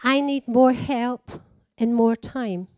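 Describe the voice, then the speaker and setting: A woman's voice: fairly high pitch, fairly even intonation, a little mellow, no room sound. Older Scottish woman speaking. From Scotland. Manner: slow, simple heartfelt phrasing. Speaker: conference speaker living with dementia. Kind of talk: personal speech at a conference. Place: conference hall.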